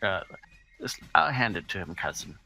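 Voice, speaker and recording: A man's voice: sits low, sing-song, moderate pace, creaky, pushed and bright, a little hiss or hum, exaggerated voice. A man playing a wary Irish farmer. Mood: evasive. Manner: polite, deflecting, with a hint of scorn. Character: Irish male farmer, wary and smooth-talking.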